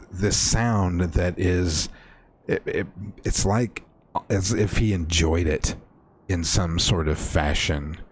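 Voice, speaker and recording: A man acting as game master, slowly describing a horror scene in a tabletop game with frequent fillers. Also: lowish voice.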